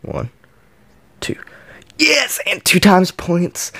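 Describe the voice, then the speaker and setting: A man's voice: mid-range voice, big pitch swings, slow pace, no echo. A man playing a mobile game on camera, counting each flip aloud and yelping or groaning at every near miss. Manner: counts flips aloud, yelps and groans at misses. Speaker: gaming channel host.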